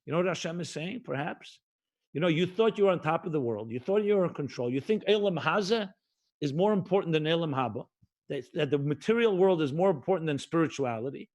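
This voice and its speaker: A middle-aged man from the United States, a rabbi giving a livestreamed sermon, who repeats key phrases and slows down to stress them. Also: fairly high pitch, lively intonation, darkish tone, dull audio. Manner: emphatic, repetitive cadence, mixes Hebrew and Yiddish terms.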